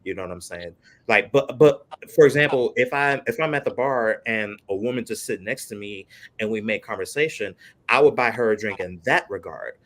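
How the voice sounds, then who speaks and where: A man's voice: fairly low pitch, lively intonation, moderate pace, a bit bright. A man on a casual panel, talkative, with stammering restarts and frequent "you know what I'm saying".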